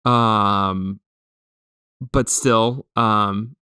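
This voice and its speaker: Slow-talking man, chatty podcast co-host. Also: lowish voice, fairly even intonation, pushed and bright, clear, resonant tone. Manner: chatty, hesitant with many "like"s and "um"s. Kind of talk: casual film review chat.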